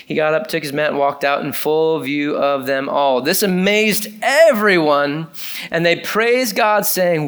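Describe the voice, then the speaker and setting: Smooth and somewhat high-pitched, this man's voice carries a sermon at an ordinary pace. He's animated and conversational, mixing scripture readings with remarks to the congregation full of casual fillers.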